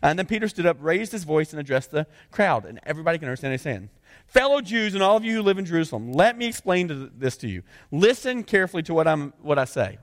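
A high-voiced man preaching a sermon in an animated, conversational way. He reads scripture aloud and keeps breaking off to explain it in plain talk. His voice carries a long reverb from a large hall. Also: quick pace. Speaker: pastor.

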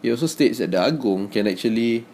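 A man's voice: mid-range voice, lively intonation, quick pace, darkish tone, slight background noise. A young man with a Malaysian English accent, co-hosting a casual chat in a jokey way and laughing often. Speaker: podcast co-host.

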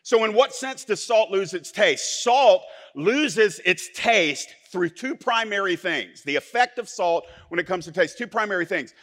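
A male pastor, preaching a sermon that swings from soft, low asides to loud, forceful declarations. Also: animated, a little slow, few pauses.

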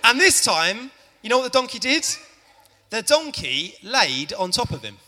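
A man's voice: very high voice, normal speed, long reverb tail. A man, a church leader narrating a Bible story to a family audience and chatting with the listeners. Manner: lively, chatty, addresses the audience. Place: church hall.

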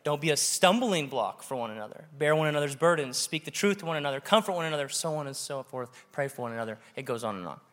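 High-voiced male pastor in a reverberant hall. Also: fast talker, few pauses. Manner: animated, joking with the congregation. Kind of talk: sermon. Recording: long reverb of a large hall.

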